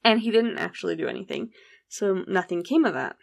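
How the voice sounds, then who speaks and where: A woman's voice: medium pitch, brisk, creaky. A woman casually telling a true story, acting out the people's lines and swearing freely. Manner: animated, acts out quoted dialogue, swears casually.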